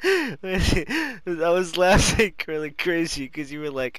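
Giggly young man prone to loud outbursts. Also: a little high, big pitch swings, slow pace, no room sound. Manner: giggly, bursts into loud laughing shouts; crude, swears a lot. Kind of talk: casual chat with a friend.

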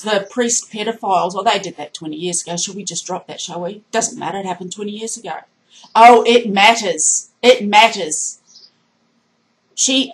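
A woman's voice: on the high side, low-quality recording. A woman vlogging a heated political rant, indignant and emphatic, hammering her points by repeating them. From Australia.

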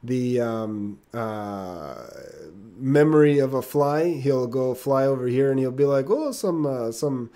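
Man, mid pitch, warm mellow tone; casual online teacher, halting, many fillers. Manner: halting, many fillers and restarts, laughs often. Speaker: plant medicine teacher. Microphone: computer mic.

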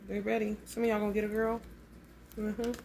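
A woman doing a casual tarot reading with a gravelly, fry-edged voice at an ordinary middle pitch. She talks bluntly and swears freely, calling her listeners honey and hitting her points with animated emphasis. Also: fairly quick, slight background noise. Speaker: tarot reader.

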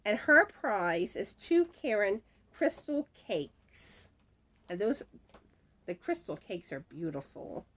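A woman on a crochet channel reads viewer comments and casually announces who won the giveaway, her voice beginning to wear out. She speaks mid-range with big pitch swings and a fairly bright tone, unhurried and chatty, muttering little asides to herself.

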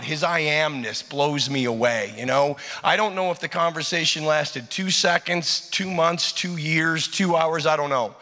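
A man in his forties preaching a sermon, telling his story emphatically with sudden loud and soft turns. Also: fairly high pitch. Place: large church hall. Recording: echoey church hall.

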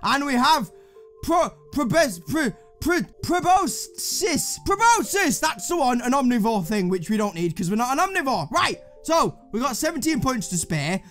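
Man, gaming commentary, very high voice, excitable, swears a lot. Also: moderate pace, faint music behind. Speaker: gaming video host. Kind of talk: let's play commentary.

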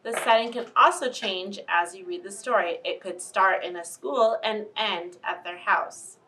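A woman teacher explaining story settings to parents in a clear, instructive way. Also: mid-range voice, unhurried, sharp tone. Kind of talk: explaining reading tips to parents. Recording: distant mic.

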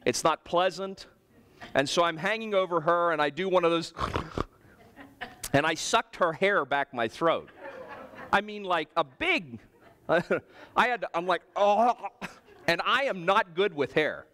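A man preaching a sermon as pastor, telling personal stories with humor in an animated way. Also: high-pitched, measured pace, long pauses. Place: church.

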